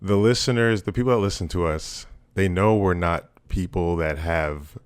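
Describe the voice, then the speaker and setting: A young man co-hosts a podcast, chatting casually in blunt, profane terms until it escalates into heated ranting. His low voice moves at normal speed and sounds clear and resonant, with no room sound.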